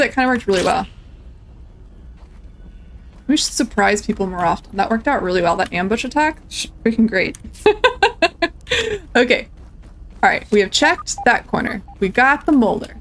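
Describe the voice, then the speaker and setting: Here a young female streamer narrates her own play in relaxed let's-play fashion, joking with viewers and taunting enemies. Her voice sits a little high and sounds animated; she speaks at a normal pace but leaves long pauses.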